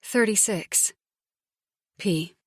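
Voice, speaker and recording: A woman giving steady, intimate first-person narration of a romance audiobook. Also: mid-range voice, extremely slow, breathy edge, no room sound, clean studio sound.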